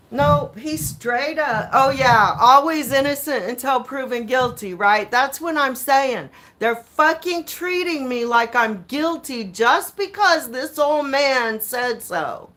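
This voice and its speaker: A woman telling viewers an animated, indignant story about her court case, acting out the exchanges and swearing now and then. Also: high-pitched, slow pace, hardly any pauses.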